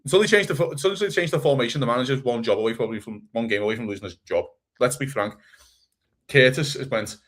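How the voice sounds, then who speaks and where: A man co-hosting a casual football podcast, blunt and animated, swearing freely. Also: medium pitch, fast. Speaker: podcast co-host.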